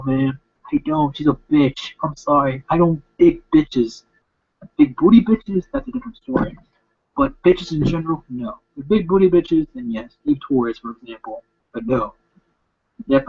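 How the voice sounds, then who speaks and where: A young man with a husky, somewhat high voice hosts a video, rambling bluntly and profanely through viewer questions with lots of fillers. It's casual, meandering chat, and the recording sounds lo-fi and dull.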